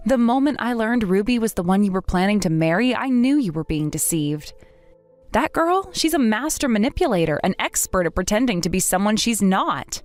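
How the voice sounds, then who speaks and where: A woman's voice: mid-range voice, lively intonation, normal speed, darkish tone, faint music behind. A young woman narrating and acting the lead in a dramatized story, speaking in a firm, indignant way.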